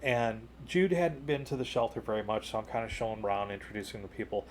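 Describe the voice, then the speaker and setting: A man co-hosting a podcast, telling a long personal story in casual chat, full of "you know" and "like", rising higher and louder at the exciting parts. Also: fast talker, a little hiss or hum. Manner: jumps higher and louder when retelling excited moments. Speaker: podcast co-host.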